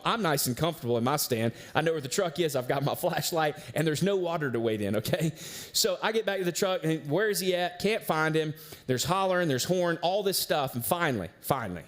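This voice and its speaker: A man preaches from the pulpit with a noticeably high voice. He tells his story casually, then hammers his point with repeated, emphatic lines. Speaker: pastor. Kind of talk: sermon.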